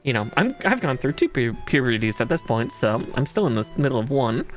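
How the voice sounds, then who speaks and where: A woman streaming a dating game, giggling often, lively, and swearing casually as she reacts. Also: rumbling low, normal speed, soft background music. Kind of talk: gaming stream commentary.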